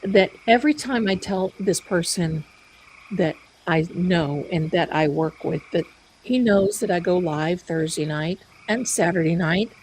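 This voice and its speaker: Animated woman storyteller on a live stream. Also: on the low side, measured pace, slight background noise, low-quality recording. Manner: animated, chatty, loud bursts of laughter. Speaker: psychic live-stream host.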